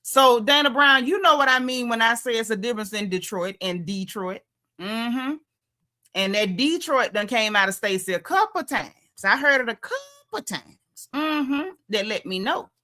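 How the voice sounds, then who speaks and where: A Southern American woman hosting a loose livestream recap, her voice bright and punchy. She talks in a sassy, emphatic, down-home manner, leaning hard into her points and repeating them for effect. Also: a little high, lively intonation, moderate pace. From Southern United States. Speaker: show recap host. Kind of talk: casual livestream commentary.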